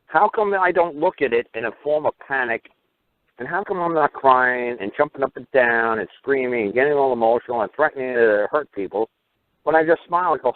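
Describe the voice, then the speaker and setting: A man hosts a call-in radio show, rambling along and acting out little dialogues with sudden leaps in pitch. He talks fairly quickly, there's no echo, and the audio sounds tinny, like radio over a phone line.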